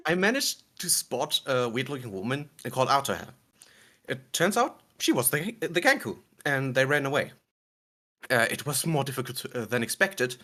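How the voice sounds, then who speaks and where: Guy rambling thru a game recap, bright edgy tone, giggles, middle pitch. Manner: giggly, rambling, self-correcting. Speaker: player recapping the last session. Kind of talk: casual recap of a tabletop game.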